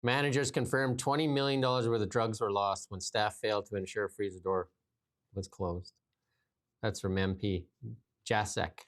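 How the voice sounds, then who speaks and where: A man's voice: lowish voice, fairly even intonation, moderate pace. A man hosting casual political commentary, reading news items aloud and mocking them sarcastically. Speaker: podcast host.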